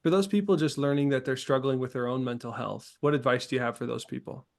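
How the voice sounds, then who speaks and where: A man's voice: mid-range voice, steady tone, fast talker, gravelly. A man hosting a podcast interview, laughing along and talking to the audience directly. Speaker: podcast host. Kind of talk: casual interview.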